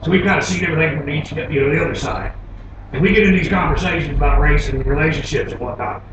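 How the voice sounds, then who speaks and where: A man from Florida doing a stand-up comedy set, telling animated stories and laughing at his own jokes. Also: fairly high pitch, fast talker. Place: comedy club stage. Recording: very echoey club, taped from far off, noisy.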